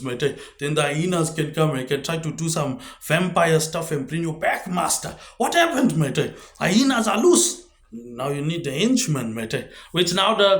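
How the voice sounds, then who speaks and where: Rambling man in an echoey room. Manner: rambling, drops pitch and volume on tag words like "mate". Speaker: video host. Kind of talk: rambling monologue.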